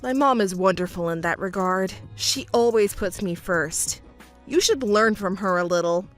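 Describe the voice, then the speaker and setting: A woman's voice: mid-range voice, moderate pace, soft background music, pitched below the performer's own voice, close to an everyday voice. Woman doing an arrogant, scornful young man. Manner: condescending, scolding. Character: arrogant self-important young man, fiancé. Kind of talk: texting story voice acting.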